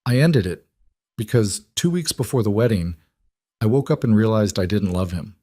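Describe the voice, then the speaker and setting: A man's voice: lowish voice, lively intonation, normal speed, warm tone, no echo, clean studio sound. A man voicing a guarded, driven woman CEO in an audiobook-style story reading, with an earnest, confessional manner that tips into anxiety.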